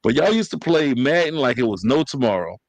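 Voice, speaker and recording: A man hosting a podcast, telling family stories in a casual, animated and profane way. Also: medium pitch, brisk, vocal fry, no echo, rough recording. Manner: animated storytelling, slangy and profane. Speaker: podcast host.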